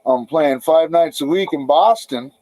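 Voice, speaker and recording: A middle-aged podcast guest spins a loose, profane story, stumbling over restarts as he goes. His voice sits a bit high for a man, and the recording is close and dry. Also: measured pace, mellow, no echo, rough recording. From Canada. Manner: rambling, profane, frequent restarts. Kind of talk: casual storytelling interview.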